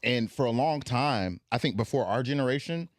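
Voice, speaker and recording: A man's voice: mid-range voice, moderate pace, no room sound, clean studio sound. A young Southern man with an African American accent, chatting casually and telling stories with lots of asides. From Southern United States. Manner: animated, digressive storytelling. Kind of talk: casual chat.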